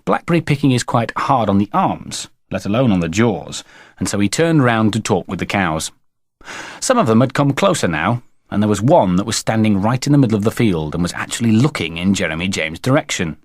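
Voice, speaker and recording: A man narrating a children's storybook in a playful, expressive way. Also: fairly low pitch, a little fast, no room sound, clean studio sound. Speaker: audiobook narrator.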